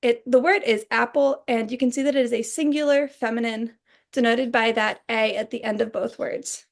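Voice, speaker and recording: Woman presenting a class lesson, gravelly. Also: a little high, steady tone, normal speed. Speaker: student presenter.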